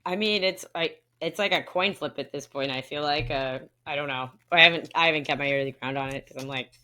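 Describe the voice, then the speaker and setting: A woman's voice: low voice, quick pace, bright, forceful tone. A woman co-hosting a podcast in casual chat, talking loosely with lots of fillers and laughing often. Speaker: podcast co-host.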